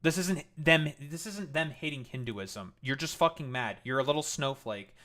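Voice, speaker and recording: A man's voice: on the high side, sing-song, fairly quick, few pauses, pushed and bright. A man streaming live and commenting in a heated, profane and sarcastic rant.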